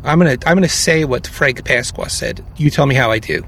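A man's voice: on the high side, moderate pace, pushed and bright, husky. A young adult man co-hosting a podcast, chatting casually and often cutting in with asides. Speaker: podcast co-host. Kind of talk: casual chat.

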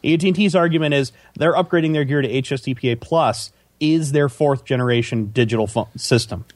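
A man co-hosting a casual tech podcast, explaining things in a measured way with many fillers. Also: medium pitch, no room sound. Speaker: podcast co-host.

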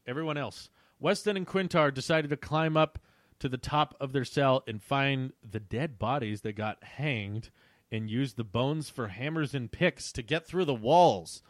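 A man's voice: medium pitch, no echo, studio quality. A young man reading a story he wrote as a child and commenting on it, amused and laughing at his own writing.

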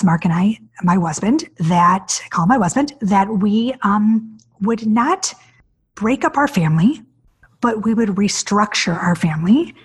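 A woman in her forties hosting a podcast, telling her own story in an animated, emotional way. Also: breathy edge. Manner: animated, acts out quoted voices with big pitch jumps; emotional, near tears. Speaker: podcast host. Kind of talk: personal storytelling monologue.

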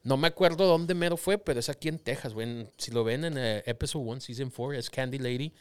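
A young man co-hosting a podcast, telling a spooky story in fast, slangy, profane casual chat. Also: mid-range voice, clear, resonant tone, no echo.

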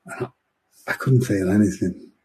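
A man's voice: fairly low pitch, normal speed, warm tone, slight background noise. An older man with an English accent, chatting casually and telling anecdotes, laughing at his own jokes. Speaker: podcast guest storyteller.

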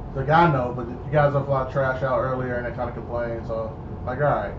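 A young man telling a casual story, animated and acting out the people in it. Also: medium pitch, a little fast. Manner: animated, acts out voices in his story. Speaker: storyteller guest. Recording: echoey dull room with noise.

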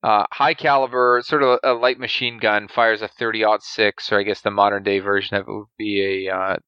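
A lower-pitched man with a bright, crisp, smooth voice, explaining military gear to listeners in a relaxed podcast chat. He sounds keen and knowledgeable. The recording is dry and close, a little lo-fi. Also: normal speed, dry recording. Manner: explanatory, gun-knowledgeable, enthusiastic. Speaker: podcast co-host. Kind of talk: casual movie discussion.

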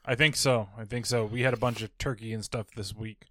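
A man's voice: on the low side, fairly even intonation, a little fast, sharp tone, no echo, clean studio sound. A man hosting a casual podcast, joking around, swearing freely and laughing often. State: hiccuping. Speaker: podcast host. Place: indoor studio setup.

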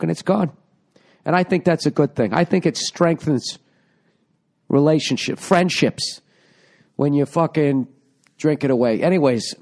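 In a mid-range, darkish voice, a middle-aged man hosts his home-recorded podcast. He wanders through a casual, sarcastic monologue full of swearing.

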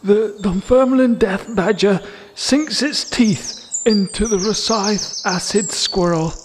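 A man voicing a solemn male nature-documentary narrator who speaks slowly and in hushed, breathy tones. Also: high-pitched, long reverb tail, a little hiss or hum.

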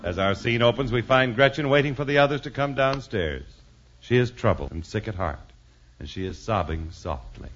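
A formal male announcer in 1950s radio style, with a bright, forceful voice that rises and falls expressively. Faint music sits under the dull old broadcast. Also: expressive, normal speed, slight background noise. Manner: booming, formal.

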